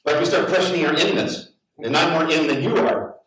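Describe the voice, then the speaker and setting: Middle-aged pastor guy preaching, high-ish voice, big echoey church from far off. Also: fairly quick. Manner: animated, repeats words, acts out voices. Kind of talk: sermon with storytelling. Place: large church hall. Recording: very echoey hall, heard from afar.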